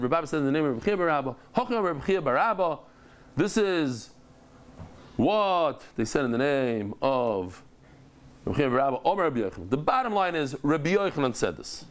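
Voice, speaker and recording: A middle-aged man teaching a daily Talmud class, animated, telling stories with lively joking asides. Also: a little high.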